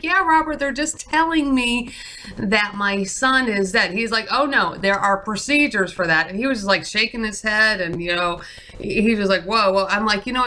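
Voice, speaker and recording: A woman telling an indignant story to camera in a casual vlog, acting out what others said in animated bursts. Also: mid-range voice, a little hiss or hum, low-quality recording. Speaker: vlogger.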